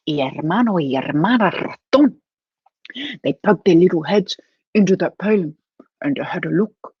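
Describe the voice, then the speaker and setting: A woman telling a bilingual children's story, animated and laughing, dropping to whispers for suspense. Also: medium pitch, moderate pace, breathy edge, dry recording, highs cut off. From Australia.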